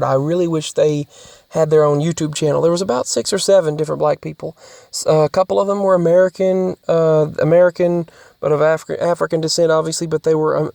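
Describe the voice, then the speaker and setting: A vlogger in a casual podcast-style monologue who talks haltingly, restarts often and repeats words, and sometimes drops to soft, near-whispered asides. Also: medium pitch, steady tone, vocal fry, dry recording, studio quality.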